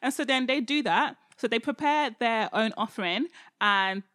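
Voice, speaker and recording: A woman with a slightly high voice retells Bible stories in casual chat. She is animated, laughs often and acts out characters' lines. The sound is dry and close. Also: moderate pace, dry recording.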